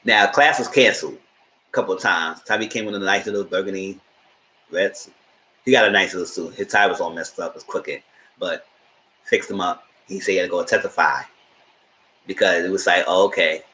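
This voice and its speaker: A man giving a casual live stream recap of a TV show, retelling scenes in a lively way and acting out what the characters say. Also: deep voice, a little fast, reverberant, slight background noise. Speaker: TV show reviewer.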